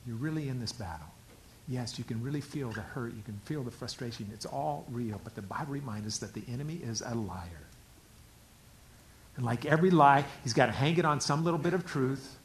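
A pastor preaching a sermon, dropping to hushed whispers and rising to loud, emphatic preaching. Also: male voice, medium pitch, lively intonation, brisk, a little hiss or hum.

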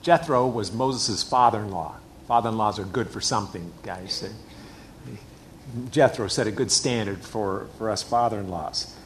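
A man's voice: lowish voice, measured pace, a little hiss or hum. A middle-aged man preaching a sermon in a church, emphatic and repeating his key phrases. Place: church hall with a screen.

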